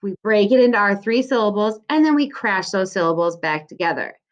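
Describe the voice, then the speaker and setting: A woman's voice: medium pitch, expressive, a little fast, muffled recording. A woman teacher giving a recorded lesson to young children, stretching out syllables in a sing-song way. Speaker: second grade teacher.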